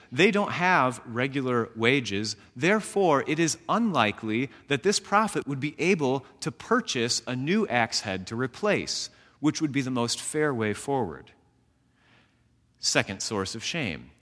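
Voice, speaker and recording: A man teaches from scripture in an animated way, with a voice that rises and falls a lot. He slips in self-aware jokes as he explains. His words ring out with a long reverb. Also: medium pitch. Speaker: Bible teacher. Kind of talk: teaching sermon.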